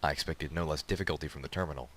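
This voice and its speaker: Deep-voiced man reading a story. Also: rapid-fire, a little hiss or hum. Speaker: reader. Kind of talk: reading a fan story aloud.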